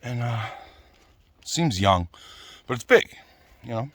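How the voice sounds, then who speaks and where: A man's voice: medium pitch, lively intonation, slow, a bit bright. A man ranting casually, blunt and swearing, often tagging "right?" and "you know?". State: out of breath at times. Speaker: vlogger.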